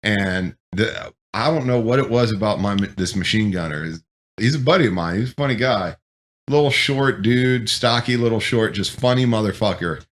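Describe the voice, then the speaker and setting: A man hosting a casual talk show, telling war stories in a profane, animated way. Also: lowish voice, normal speed. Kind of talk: casual chat.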